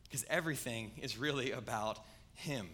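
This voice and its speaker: A man's voice: medium pitch, normal speed, bright, forceful tone. A man, preaching a sermon in a conversational, storytelling way. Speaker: pastor.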